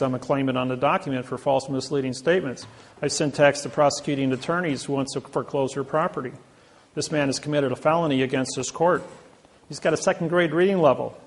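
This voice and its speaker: A man giving a boastful storytelling lecture, acting out the voices of people in his stories. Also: a little high. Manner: boastful, acts out quoted voices. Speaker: presenter.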